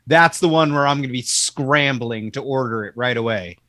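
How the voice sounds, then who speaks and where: A man's voice: medium pitch, normal speed, sharp tone, no room sound. A man hosting a casual chat, talking loosely and filling his sentences with "like". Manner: chatty, fills with "like".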